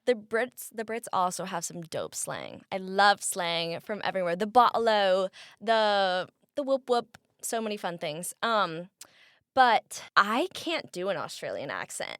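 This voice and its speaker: Podcast guest, young American woman, chatty and upbeat, crisp close sound. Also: medium pitch, sing-song, measured pace, a bit bright, dry recording. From United States. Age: 20s. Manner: bubbly, laughs often, many ums. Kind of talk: casual interview chat.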